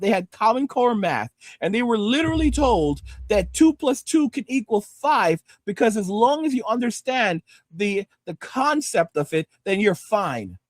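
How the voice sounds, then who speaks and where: With no echo in the clip, a very high-pitched livestream host reads comments from his viewers. He swears and rants at them angrily, lecturing and repeating himself throughout.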